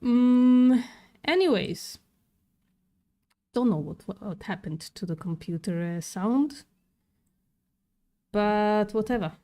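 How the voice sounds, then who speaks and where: Woman streamer, non-native English accent, slow sarcastic casual chat, mid-pitched. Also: expressive, mellow. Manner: sarcastic, swears casually, laughs often. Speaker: livestreamer.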